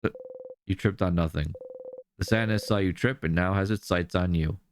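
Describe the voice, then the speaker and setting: A man's voice: normal speed, a little hiss or hum. A young man streaming a game live, reading its dialogue aloud with emotion and reacting between lines. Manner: emotive reading with lively pitch swings.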